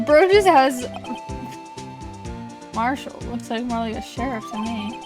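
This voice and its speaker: Brief: blunt woman streamer riffing over gameplay, high voice, game music behind. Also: animated, measured pace, pauses often. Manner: blunt, swearing. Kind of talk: gameplay commentary.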